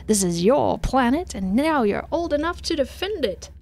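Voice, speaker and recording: A woman voicing a pompous middle-aged male colony governor, reading his speech in a slow, grandiose way from a text game. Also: sits high, very animated, darkish tone, voice pushed up, exaggerated voice. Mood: rousing.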